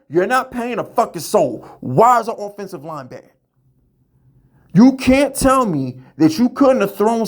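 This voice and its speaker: A man hosting a fan show, ranting heatedly and profanely, often stammering and repeating words as he fires questions. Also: high voice. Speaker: podcast host.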